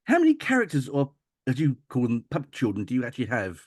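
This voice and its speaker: A man hosting an interview, asking unhurried questions and laughing easily. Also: mid-range voice, wildly swooping pitch, darkish tone, dry recording, studio quality. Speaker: host.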